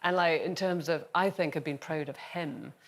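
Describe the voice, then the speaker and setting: A middle-aged woman presenting a talk show, speaking gently and reflectively. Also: deep voice, normal speed. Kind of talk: casual chat.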